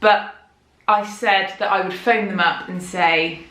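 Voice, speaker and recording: A woman's voice: medium pitch, fairly even intonation, measured pace, pushed and bright. A heavily pregnant woman, candidly talking a vlog audience through her worries in a rambling, chatty way. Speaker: vlogger. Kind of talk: chatty personal storytelling. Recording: roomy echo.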